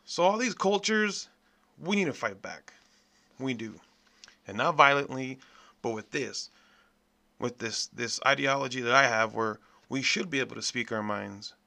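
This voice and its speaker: A man hosting a podcast, delivering a profane, blunt, animated rant in a casual monologue. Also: mid-range voice, a little slow, gravelly. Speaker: podcast host.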